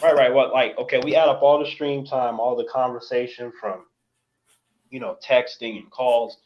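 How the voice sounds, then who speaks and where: A man's voice: medium pitch, little pitch movement, moderate pace, slight background noise. Laid-back man on a muffled stream. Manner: jokey, acts out scenes in put-on voices. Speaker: co-host. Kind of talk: casual chat.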